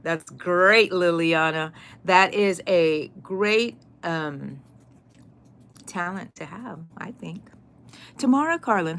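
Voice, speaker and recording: A woman's voice: lowish voice, measured pace, a bit bright, a little hiss or hum. Cheerful woman livestreaming. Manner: chatty, greets viewers by name, cheerful. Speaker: crochet channel host. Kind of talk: casual livestream chat. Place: home craft room.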